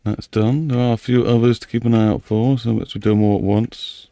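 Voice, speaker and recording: A man's voice: medium pitch, fairly even intonation, a little fast, warm tone, dry recording, studio quality. A man, slightly out of breath, thinking aloud to himself as he builds a game map. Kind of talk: casual commentary while building a game map.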